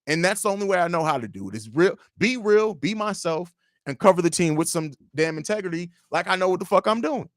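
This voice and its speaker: A young man hosting a casual livestream, reading viewer comments aloud and answering them in a blunt, profane, animated way. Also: high voice, fast, no room sound, clean studio sound. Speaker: livestream host.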